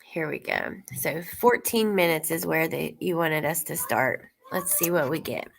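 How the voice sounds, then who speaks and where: A woman's voice: low-pitched, expressive, moderate pace, creaky. A woman YouTuber giving casual, rambling true-crime commentary and talking straight to her viewers. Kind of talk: casual commentary reacting to clips.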